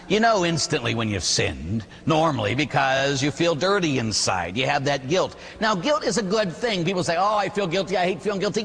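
A man, a Catholic priest, preaching a sermon with animated, emphatic delivery and storytelling. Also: a little high, slightly rough, in a large hall.

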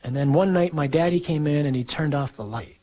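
A man's voice: on the high side, brisk, dark tone, close to an everyday voice. A man quoting an earnest small boy. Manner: blurting out a confession.

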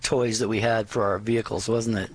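A man's voice: on the low side, flat delivery, a little fast. Genial man hosting call-in radio. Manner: genial, reads listener texts aloud, laughs easily. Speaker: radio host.

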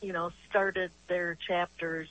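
A woman's voice: fairly low pitch, little pitch movement, takes it slowly, fairly bright tone, rough recording. An older woman calling in by phone to a talk show, telling a long family story in a chatty way with many restarts. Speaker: caller. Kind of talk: phone-in question to a radio show. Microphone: phone call.

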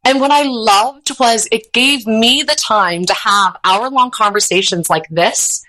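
A woman in her thirties, a podcast host talking openly and unfiltered as an interview guest, thinking out loud as she goes. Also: on the high side, measured pace, poor audio. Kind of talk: casual interview chat.

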